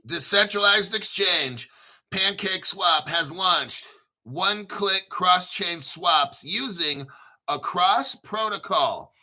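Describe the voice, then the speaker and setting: An American man hosting a crypto channel, reading an article aloud and riffing on it in a rambling, profane, hyped-up way while clearing his throat. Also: fairly high pitch, pushed and bright. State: throat clearing, using a cough drop. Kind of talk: casual video commentary reading an article.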